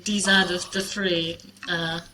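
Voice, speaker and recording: A woman, a guest chatting on a podcast, playful and laughing, sometimes pausing for words. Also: lowish voice, fairly even intonation, bright, forceful tone, slight background noise, poor audio. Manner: playful, laughing, slightly hesitant phrasing. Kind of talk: casual interview chat.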